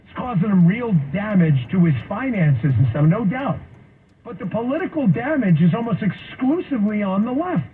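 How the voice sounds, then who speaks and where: A male talk show host delivers sarcastic political commentary in a high, swooping voice. The sound is thin and phone-like, with noise underneath. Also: normal speed. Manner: sarcastic, mocking, animated.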